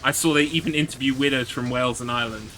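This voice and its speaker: A man's voice: mid-range voice, fairly even intonation, fast talker, pushed and bright, slight background noise. A man, giving casual commentary while streaming a game and chatting with viewers in a wry, sweary way.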